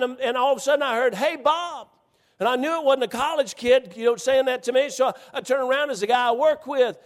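A middle-aged man preaching a sermon as a folksy story, repeating words and building up to shouts. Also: very high-pitched. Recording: long hall reverb.

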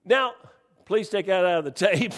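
A man's voice: sits high, expressive, moderate pace, fairly bright tone, big-room sound. A man preaching a sermon, telling folksy stories and joking with his congregation. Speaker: pastor.

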